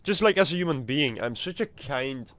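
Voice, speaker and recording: A man's voice: medium pitch, lively intonation, moderate pace, fairly bright tone, slight background noise. A man streaming a video game, chatting casually in a rambling, self-mocking way with stammers and restarts. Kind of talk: casual gameplay chat.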